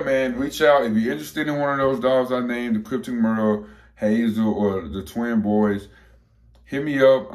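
A man's voice: medium pitch, a little mellow. A young man breeding dogs talks casually to a handheld camera, hyped and slangy and repeating himself over and over. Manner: hyped, repetitive, slangy, keeps repeating phrases. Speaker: dog breeder.

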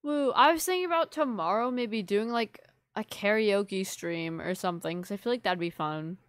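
A woman's voice: mid-range voice, moderate pace, clear, resonant tone, no echo, clean studio sound. A young woman live-streaming to her viewers in casual chat, rambling and apologetic, full of fillers. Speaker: livestreamer.

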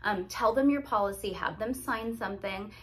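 A woman's voice: medium pitch, normal speed. A woman who runs a lash business, giving casual, chatty advice to other lash artists and acting out client scenarios. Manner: chatty, lively, acts out scenarios.

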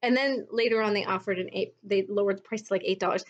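A woman's voice: medium pitch, fairly even intonation, fast talker, lo-fi sound. A woman vlogging at home in a blunt, exasperated tone, with mocking asides. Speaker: vlogger recounting her MLM experience. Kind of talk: casual commentary video.

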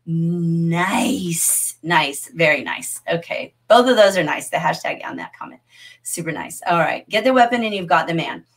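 A middle-aged woman teaching a livestreamed literature class, chatty and animated, reading viewers' comments aloud as she goes. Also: lowish voice, normal speed.

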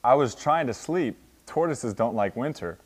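A man's voice: mid-range voice, expressive, normal speed, lightly acted. Young guy reading a cranky sleepy tortoise, grumbly, big echoey hall sound. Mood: grumpy. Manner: grumbling, complaining. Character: grumpy sleepy old tortoise. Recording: long hall reverb.

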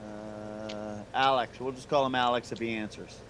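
A man's voice: on the low side, steady tone, normal speed, a bit bright, slight background noise. A man in his forties hosting a casual gaming podcast, greeting callers and asking them friendly questions. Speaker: podcast host.

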